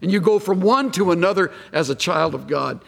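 A man preaching an earnest expository sermon, slowing down to stress key phrases. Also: high-pitched, expressive, creaky, husky. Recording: long hall reverb.

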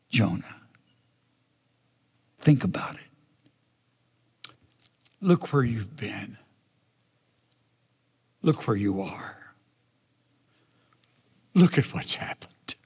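A man voicing God as a gentle, fatherly figure who quietly questions a prophet. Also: medium pitch, gravelly, husky, voice pushed down, heavily acted. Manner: soft, hushed, coaxing. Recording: long hall reverb.

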